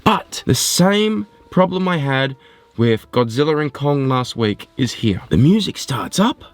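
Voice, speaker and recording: A man giving a casual spoken film review, animated and rambling, often poking fun at himself. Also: mid-range voice, unhurried, no room sound. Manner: animated, rambling, self-mocking.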